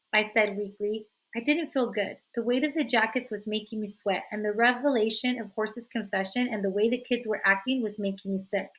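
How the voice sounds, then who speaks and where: A woman teacher reading a novel aloud in a steady narrating voice. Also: mid-range voice, brisk, few pauses, poor audio.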